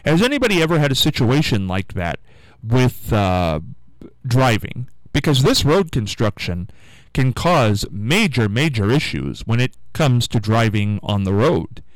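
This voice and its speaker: A man's voice: mid-range voice, big pitch swings, measured pace, dry recording, rough recording. A man hosting a radio show from Ohio, rambling in a chatty way and musing aloud. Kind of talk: casual radio monologue.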